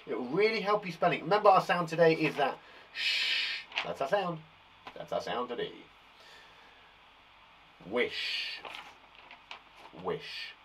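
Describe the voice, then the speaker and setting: A man from England leading a live phonics lesson for young children, sounding out words slowly with a blocked nose and an encouraging manner. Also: high-pitched, fairly bright tone, slight background noise. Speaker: primary school teacher.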